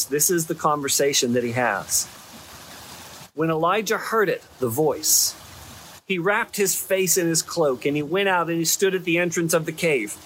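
Guy preaching a sermon, kinda rambly and chatty, keeps checking in with the crowd, voice on the higher side. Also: a bit bright, slight background noise.

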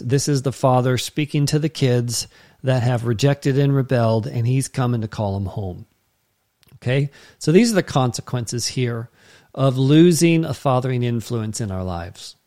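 A man's voice: mid-range voice, darkish tone. A man preaching a sermon as pastor, in a conversational way that keeps checking in with the listeners.

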